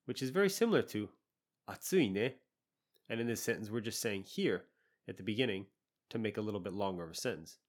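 A man teaching a podcast language lesson, explaining patiently and saying example phrases slowly. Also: lowish voice, expressive.

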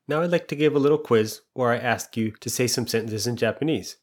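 A man explaining a language lesson patiently and step by step, asking quiz questions and walking through the answers. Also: mid-range voice. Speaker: language teacher.

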